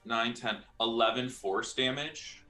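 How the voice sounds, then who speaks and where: A man playing a tabletop game, chatty, thinking aloud and counting his dice out loud. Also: medium pitch, slow pace. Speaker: player. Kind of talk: tabletop gaming chat.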